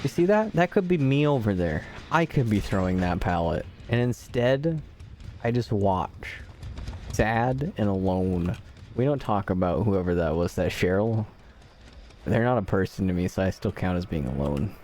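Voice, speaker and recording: A man with a fairly low voice gives live commentary while streaming a game. His pitch swings widely as he jokes, and he slips into mock-dramatic pleading and laments aimed at the characters on screen. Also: expressive, normal speed, darkish tone, slight background noise.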